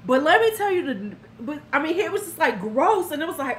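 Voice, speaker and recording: A woman's voice: high-pitched, sing-song, fairly quick, few pauses, a little hiss or hum. A woman in her fifties hosting a live stream, telling a story in a frank, blunt way and talking to viewers by name.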